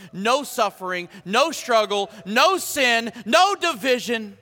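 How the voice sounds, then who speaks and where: A male pastor preaching a sermon in an animated, rallying way, repeating phrases. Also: very high voice, slow, hardly any pauses. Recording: reverberant hall.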